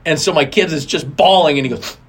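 A middle-aged man talking as a racing guest in a relaxed interview, his voice sitting a little high for a man. He tells stories with lots of animation, leaping up in pitch whenever he acts out what someone said. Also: fast talker. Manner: animated, acts out quotes with big pitch jumps. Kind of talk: casual interview storytelling.

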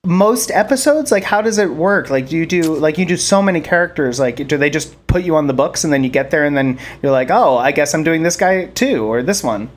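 A woman co-hosting an interview, curious and quick to laugh, asking long, rambling questions. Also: sits low, expressive. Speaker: co-host. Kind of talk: casual interview chat.

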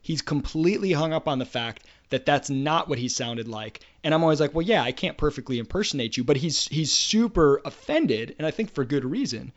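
A man's voice: on the high side, lively intonation, a little fast, hardly any pauses. Storytelling man on a lo-fi podcast. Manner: anecdotal, storytelling, hesitant restarts. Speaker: podcast co-host. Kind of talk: casual podcast discussion. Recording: dull lo-fi podcast audio.

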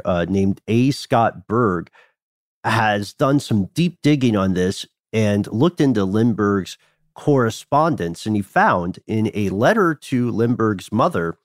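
A man's voice: lowish voice, no room sound, clean studio sound. A man co-hosting a casual podcast chat, telling stories with frequent laughs and asides. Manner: storytelling, laughs often, trails off into asides. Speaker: podcast co-host.

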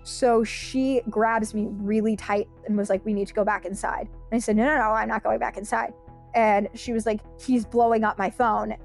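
A woman's voice: on the high side, flat delivery, normal speed, gravelly, soft background music. A young woman who is a podcast guest, telling a personal story and retelling events through quoted dialogue. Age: young adult. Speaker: podcast guest, victim advocate.

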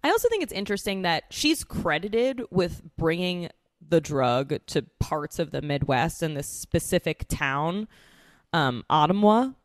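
A woman's voice: fairly low pitch, very animated, a little slow, no echo, studio quality. A young adult woman from New York City co-hosting a podcast, chatting casually and joking with frequent restarts. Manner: chatty, jokey, prone to restarts. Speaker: podcast co-host. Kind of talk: casual chat.

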